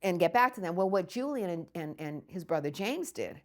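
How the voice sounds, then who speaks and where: Older woman, interviewee, oral history storytelling, low-ish voice, laughs often. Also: fairly quick. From United States. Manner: lively anecdotal telling with frequent laughs.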